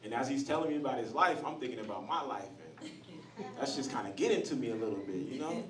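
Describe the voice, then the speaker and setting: Animated stand-up comic in a roomy club. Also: male voice, mid-range voice, fast talker. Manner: storytelling, acts out voices, shouts punchlines. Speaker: stand-up comedian. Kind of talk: stand-up comedy set. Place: comedy club stage with audience. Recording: roomy, distant club recording with crowd laughter.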